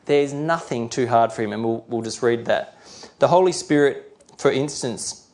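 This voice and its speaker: A middle-aged man delivers a sermon at an even, mid-range pitch. He explains each point plainly, with the odd filler and restart, and slows right down to read scripture verses carefully. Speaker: preacher.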